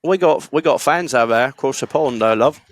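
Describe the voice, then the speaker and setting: A man's voice: mid-range voice, a little fast. Man reading listener emails on a podcast. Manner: loose and jokey, swears freely, laughs while reading. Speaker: podcast co-host.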